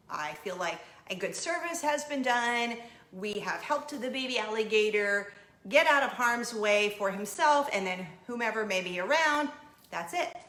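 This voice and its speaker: A woman in her thirties telling a story in a casual, animated way, acting out the other voices in it. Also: medium pitch, roomy sound. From not from Florida. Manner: animated, acts out quoted voices, laughs. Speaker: homeschooling mom telling a story.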